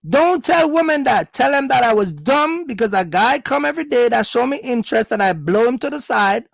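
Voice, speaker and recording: A man's voice: extremely high pitch, animated, fairly quick, creaky, no room sound. A man from Jamaica, giving a blunt, scolding opinion monologue. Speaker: vlogger.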